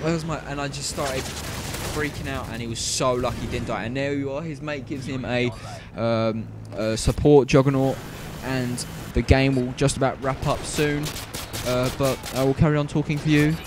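A man's voice: medium pitch, fairly even intonation, moderate pace, background noise. A man giving gameplay commentary, rambling, stumbling over words and apologizing often. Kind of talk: video game commentary.

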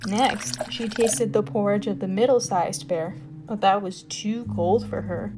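Expressive woman narrating a fairytale. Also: medium pitch. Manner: expressive, emphatic reading. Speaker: guest storyteller. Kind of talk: storybook narration. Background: background music.

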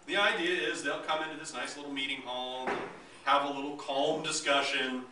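A man's voice: mid-range voice, fairly even intonation, brisk. A man giving a public history lecture, joking and acting out the voices of both sides. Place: lecture hall. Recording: echoey hall, mic from a distance, faint room noise.

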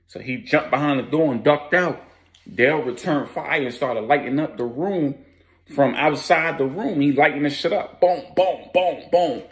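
Guy telling a hood story, slangy, animated, sound effects. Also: mid-range voice. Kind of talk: casual storytelling.

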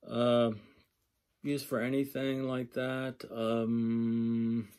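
A man's voice: medium pitch, level tone, extremely slow, darkish tone, clean tone. A man giving a lecture, working through a textbook page by page, thinking aloud and repeating example phrases. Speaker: sign language instructor.

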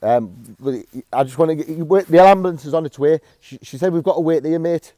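Calm, coaxing Teesside man. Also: on the high side, fairly quick, no echo. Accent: Teesside English. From Middlesbrough, England. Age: 40s. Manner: soothing, coaxing, calls others son and mate. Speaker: passerby helping a stranger. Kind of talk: casual filmed street encounter. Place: residential street outdoors at night.

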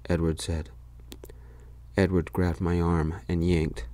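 A man telling a first-person story in a soft-spoken voice, close to the mic, in whispered role-play. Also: a bass voice, flat delivery, measured pace, no echo.

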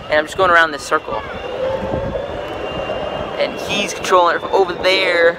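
A man's voice: high-pitched, steady tone, normal speed. A young man vlogging outdoors at night on a street and a parking garage roof, joking with a friend and laughing often, recorded on a handheld camera mic with passing cars around him. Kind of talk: casual vlog chat. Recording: noisy outdoor camera audio. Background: street noise, passing cars.

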